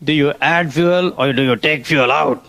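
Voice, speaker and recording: A man's voice: fairly high pitch, unhurried, heavy background noise. A man giving a motivational seminar talk, telling stories and often asking the audience questions. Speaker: motivational speaker at a business seminar.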